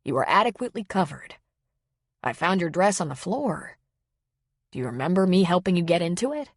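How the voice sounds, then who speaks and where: A calm, kindly male pastor, as a woman narrator reads him, steady and measured. Her voice sits a little low and sounds dry and close. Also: dry recording. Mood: soothing. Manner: steady, measured, reassuring delivery.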